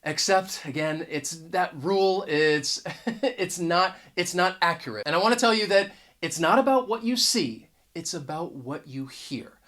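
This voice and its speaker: This is an English teacher giving a relaxed video lesson straight to the camera. The delivery is chatty and unscripted, with frequent small restarts and extra weight on the key points. The pitch sits in a middle range, neither high nor low. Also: unhurried. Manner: conversational, restarts words often, stresses key points. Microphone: camera mic.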